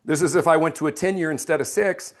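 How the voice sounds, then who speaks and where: A man coaching sales technique who role-plays his closing pitch to a homeowner, dropping into a slow, low, serious tone for the close and turning energetic and emphatic when he explains it.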